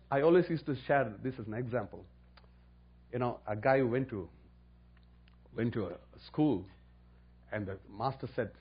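A man preaching a sermon, telling a testimony and rising to loud emphatic preaching. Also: mid-range voice, lively intonation, moderate pace, breathy edge, dull audio.

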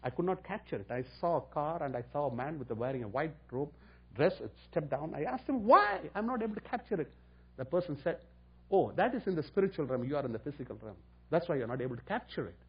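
Brief: male preacher, fairly high husky voice, muffled lo-fi recording. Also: expressive, fast talker. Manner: storytelling, rising to loud emphatic preaching. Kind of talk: sermon with testimony.

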